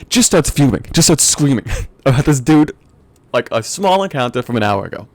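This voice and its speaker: Young guy ranting and swearing on a podcast, mid-pitch, super dry close sound. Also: big pitch swings, a little fast, darkish tone, no room sound. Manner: profane, exasperated, laughs often. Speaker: podcast host. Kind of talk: comedic storytelling rant.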